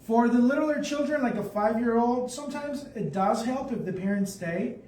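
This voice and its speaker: A man's voice: very high-pitched, moderate pace, darkish tone. A man leading a live painting tutorial, chatty and thinking aloud as he paints. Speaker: art instructor. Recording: echoey room, mic at a distance, faint background noise.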